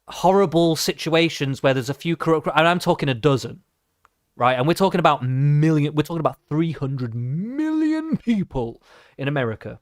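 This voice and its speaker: A man's voice: on the high side, no echo, studio quality. A man ranting and cursing through a live reaction stream, mocking what he watches.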